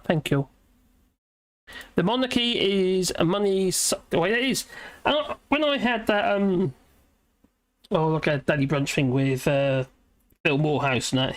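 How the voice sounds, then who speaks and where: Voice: medium pitch, fairly bright tone. Chatty British livestream host. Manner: chatty, rambling, laughs often, muses aloud. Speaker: livestream host reading viewer comments. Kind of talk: rambling live chat.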